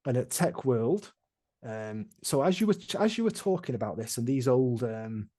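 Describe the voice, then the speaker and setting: A man's voice: mid-range voice, expressive, normal speed, mellow. A man running a tabletop game, recapping past sessions in a rambling, casual way with many restarts. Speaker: game master.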